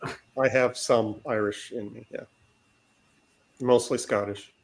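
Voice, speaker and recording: A man's voice: mid-range voice, fairly even intonation, a little slow, creaky, a crowd in the background. A man co-hosting a casual chat and reading out viewer comments, with a dry wit. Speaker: co-host.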